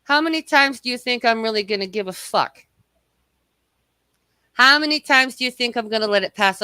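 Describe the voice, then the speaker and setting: Bright, cursing woman ranting on stream. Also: a little high, expressive, moderate pace, long pauses, clean tone, no echo. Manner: angry, cursing, mocking. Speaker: livestream host. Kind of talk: profane live-stream rant.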